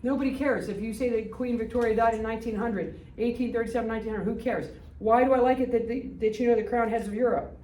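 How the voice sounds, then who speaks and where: A woman's voice: fairly high pitch, fairly even intonation, mellow, a little hiss or hum. A woman, giving a blunt, quizzing history lecture to a classroom. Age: 60s. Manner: blunt, quizzing students with rapid questions. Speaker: history teacher. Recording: echoey room, distant mic.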